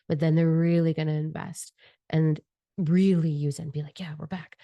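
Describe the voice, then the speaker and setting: Low, gravelly, fervent spiritual woman. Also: warm tone, dry recording. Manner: fervent, profane and rambling, admits getting carried away. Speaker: spiritual channeler giving a monthly energy forecast. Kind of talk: passionate unscripted monologue with tarot cards.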